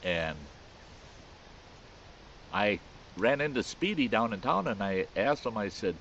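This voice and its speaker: A man's voice: on the low side, lively intonation, unhurried, pauses often, fairly bright tone. A man telling a rambling, folksy story about an old friend in a casual spoken style. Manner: folksy, rambling, with restarts and chuckles. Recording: slightly muffled recording with faint hiss.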